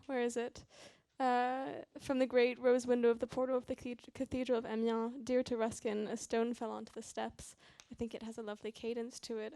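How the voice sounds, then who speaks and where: Higher-voiced woman moderating a seminar. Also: creaky, a little mellow, no echo. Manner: encouraging, invites the audience to share. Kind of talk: moderating a live talk. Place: library event room with live audience.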